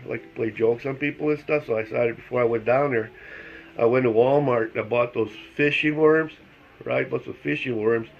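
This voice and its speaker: A man's voice: medium pitch, gravelly. Middle-aged guy rambling thru a story at home, laughs a lot, dull lo-fi sound. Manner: chatty, laughs through his story, acts out the dialogue. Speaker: vlogger telling a personal story. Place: at home with his dogs.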